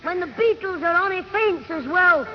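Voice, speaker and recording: A man playing a schoolboy who puts on a gruff, blunt old grandad voice in a 1960s radio comedy. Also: extremely high pitch, lively intonation, moderate pace, slight background noise. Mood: scheming. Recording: dull lo-fi 1960s radio recording.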